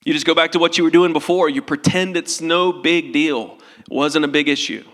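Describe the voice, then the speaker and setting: A man's voice: fairly high pitch, fairly even intonation, fairly quick, a bit bright, in a large hall. A male pastor preaching a sermon in an earnest, tender way, in a church sanctuary.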